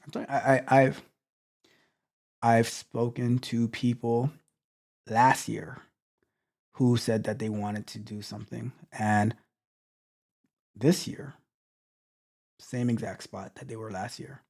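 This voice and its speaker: A man's voice: mid-range voice, steady tone, slow, gravelly, long pauses, a little mellow. A man coaching viewers in a blunt motivational talk, restarting words often and repeating his points. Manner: blunt, repetitive, stammering restarts. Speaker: tech coach.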